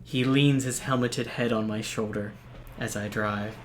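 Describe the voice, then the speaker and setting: A man streaming a game, reading its visual novel text aloud in a steady, even narration broken by quick, dry asides. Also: lowish voice, a little hiss or hum. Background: faint game music.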